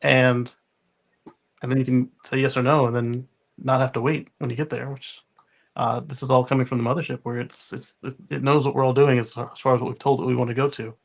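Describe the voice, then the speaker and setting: Man, podcast co-host, gravelly, rambling casual chat. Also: medium pitch, flat delivery, fairly quick. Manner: rambling, many restarts.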